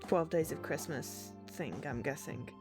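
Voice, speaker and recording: A woman streamer reading a story game aloud in an expressive, musing way, breaking off for quick asides. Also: deep voice, over music.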